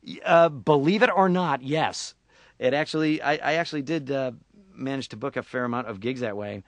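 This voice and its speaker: A man's voice: medium pitch, moderate pace, no room sound. Playful man joking in an interview. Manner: playful, joking, laughs often. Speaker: voice actor guest. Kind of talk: casual radio interview. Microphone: studio microphone.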